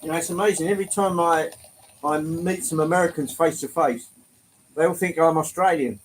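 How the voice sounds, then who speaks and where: An English man with a slight London lilt hosts a relaxed live stream, talking in a somewhat higher register. He chats easily, greets viewers one by one, and drops the odd mild swear word with a laugh. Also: brisk, a little hiss or hum, low-quality recording. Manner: chatty, greets viewers by name, swears lightly, laughs often. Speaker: livestream host. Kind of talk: casual live-stream chat.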